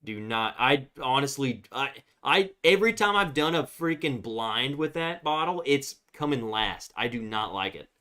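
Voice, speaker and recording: A man's voice: mid-range voice, expressive, moderate pace, hardly any pauses, sharp tone. A man casually chatting on a live stream, rambling with lots of fillers and restarts. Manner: rambling, filler-heavy, baby talk to his dog.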